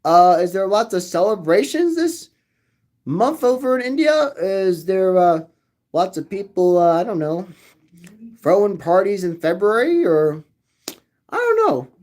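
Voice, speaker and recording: A man with a fairly high voice hosts a livestream and rambles to his viewers, swooping up and down in pitch. He drawls slowly and loops the same words over and over in a sing-song way. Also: sing-song, darkish tone. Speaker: livestream host reading chat. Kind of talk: rambling live chat with viewers.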